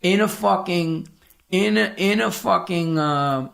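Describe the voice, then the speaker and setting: A man's voice: high-pitched, slow pace, vocal fry, fairly bright tone. A middle-aged man, a podcast guest, telling a personal story in a casual interview, blunt, profane and emphatic.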